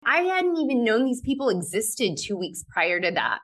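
A woman guest, a clinical pharmacist, telling personal stories in an earnest, reflective way in a podcast interview, quick to laugh. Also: on the high side, big pitch swings, fairly bright tone.

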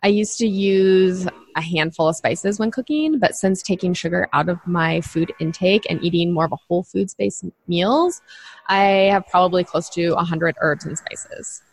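A woman's voice: lowish voice, normal speed. A woman co-hosting a podcast, explaining nutrition to clients in a chatty way with lots of fillers. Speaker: podcast co-host, nutrition coach. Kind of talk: casual podcast chat.

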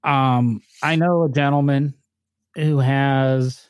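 A man's voice: medium pitch, fairly even intonation, takes it slowly, clean tone, no room sound, studio quality. A man with a northern US accent, chatting casually about cars with rambling, filler-heavy storytelling. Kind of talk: casual chat.

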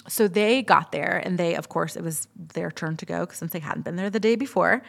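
A woman's voice: on the low side, fairly quick, vocal fry, a bit bright. A woman in her thirties, a podcast host, telling a personal story in a candid, chatty way and swearing freely. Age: 30s.

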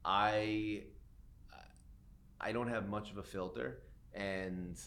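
Deep-voiced man host, rambling. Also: fairly even intonation, slow pace, fairly bright tone, a little hiss or hum. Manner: rambling questions, acts out little scenes, laughs easily. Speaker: podcast host. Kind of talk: casual interview chat.

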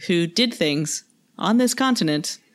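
A young adult woman co-hosting a casual chat podcast, making wry, deadpan asides. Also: lowish voice, unhurried. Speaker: podcast co-host.

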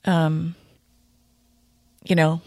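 A woman, a retired police dog handler, talking reflectively in a casual podcast conversation, pausing often. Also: deep voice, level tone, no echo, studio quality. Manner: reflective, soft-spoken, many pauses and fillers.

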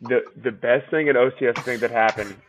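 A man casually telling profane, animated stories about training with old classmates. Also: medium pitch, brisk, noisy background. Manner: animated, profane storyteller acting out quotes. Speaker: podcast guest, former officer candidate. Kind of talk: casual storytelling chat.

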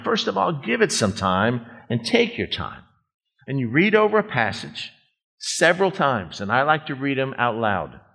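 A man's voice: medium pitch, fairly bright tone. A middle-aged man, a pastor, preaching a conversational, folksy sermon and drawing out words for emphasis.

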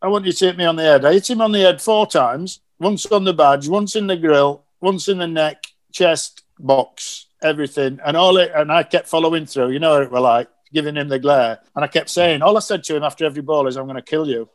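A middle-aged man, a former cricket coach telling lively anecdotes on a casual podcast and acting out the quotes. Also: on the high side, a little fast, hardly any pauses. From Yorkshire, England. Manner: animated anecdotes with acted quotes.

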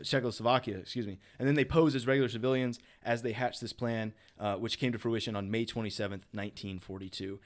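A man co-hosting a podcast in casual chat, rambling and enthusiastic, full of restarts and fillers. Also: mid-range voice. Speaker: podcast co-host.

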